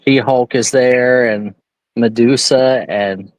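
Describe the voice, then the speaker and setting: A man of middle pitch hosts a live sale, rattling off items and drifting into easy, chatty stories. His voice is dry and close, with no room echo. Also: slow. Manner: chatty storyteller showing items. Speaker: host. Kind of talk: casual live-stream chat.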